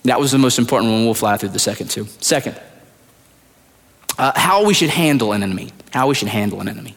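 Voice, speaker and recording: A man preaching a sermon as pastor, swinging from loud high retellings to hushed low asides. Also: animated, fast. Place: large church hall. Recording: long hall reverb, at times far from the mic.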